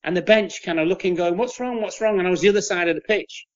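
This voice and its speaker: A man's voice: high voice, fairly even intonation, very fast, dull audio. Man in his sixties telling stories. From England. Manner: rambling, repeats words, acts out quoted voices. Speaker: interview guest, former footballer. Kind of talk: casual anecdotal storytelling.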